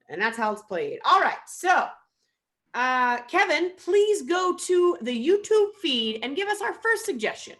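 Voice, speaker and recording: Woman, improv referee, playful, slightly high voice, video-call audio. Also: very animated, measured pace, a bit bright. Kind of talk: casual hosting over video call.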